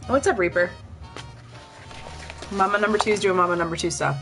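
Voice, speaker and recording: A woman's voice: on the low side, fairly quick, fairly bright tone. A young woman chats loosely with her livestream viewers at home, rambling from one thought to the next. Her nose is stuffed up and her breathing is heavy. Faint music plays in the background. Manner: chatty, rambling, addresses chat directly. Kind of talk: casual livestream chat.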